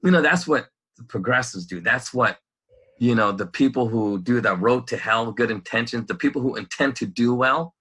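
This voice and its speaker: A man co-hosting a loose conversational podcast, rambling and animated, who breaks into laughter often. His voice is forceful and tense with a husky rasp. He sounds like someone thinking out loud. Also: medium pitch, normal speed. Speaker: podcast co-host.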